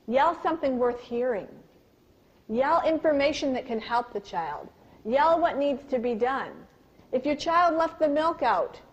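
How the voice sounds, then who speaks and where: A parenting and communication speaker, this woman leads a live workshop, telling personal stories animatedly and putting questions to the room. Her fairly high voice jumps high and loud when she acts out yelled lines, heard on a dull, lo-fi recording.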